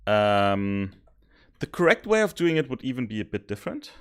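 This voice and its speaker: A man streaming while he codes, thinking aloud, mocking his own mistakes and sometimes yelling happily. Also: fairly low pitch, moderate pace, clear, resonant tone. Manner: thinks aloud, self-mocking, bursts of excited yelling and laughter. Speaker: streamer coding a simulation tool. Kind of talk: casual live coding commentary.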